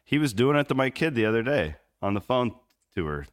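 A man's voice: medium pitch, very animated, a little fast, no room sound, clean studio sound. A man from Southwest Iowa co-hosting a live sports podcast, rambling through casual chat with lots of fillers. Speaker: podcast co-host. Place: on the road in Memphis.

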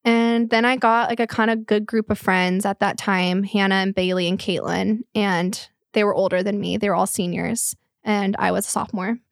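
A woman's voice: mid-range voice, fairly even intonation, normal speed, gravelly, hardly any pauses, no room sound, studio quality. A young woman telling a painful personal story in a podcast talk, tearful and rambling with many fillers. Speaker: guest.

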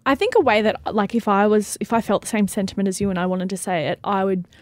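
A woman's voice: mid-range voice, a little mellow, no room sound. Easygoing woman co-host. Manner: easygoing, chatty, with fillers and quick asides. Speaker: podcast co-host. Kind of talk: casual chat.

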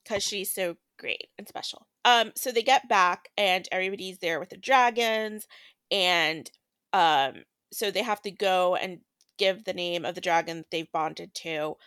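A woman's voice: fairly low pitch, fairly bright tone, smooth, dry recording, studio quality. A woman co-hosting a casual book podcast, retelling the plot in a chatty way with lots of fillers. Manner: chatty, filler-heavy, quick plot recap. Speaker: podcast co-host.

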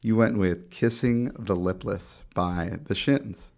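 A man's voice: fairly low pitch, slow pace, darkish tone. A man in his forties co-hosting a podcast, chatting casually about music and laughing easily. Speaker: podcast co-host.

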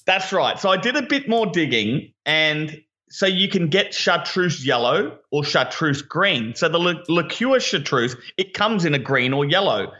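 A man with an Australian accent, co-hosting a casual podcast in an enthusiastic, excitable way. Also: fairly high pitch, measured pace, highs cut off. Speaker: podcast co-host.

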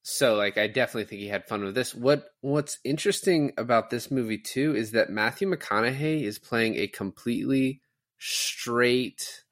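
Quick-talking man arguing movies casually. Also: medium pitch, fairly bright tone. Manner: quick, argumentative, conversational, trails off with filler words. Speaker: podcast co-host. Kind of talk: casual movie review chat.

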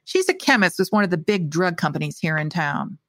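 Author reading her own short story: woman, animated, very dry sound. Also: fairly low pitch, a little fast, dry recording. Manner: lively, expressive delivery.

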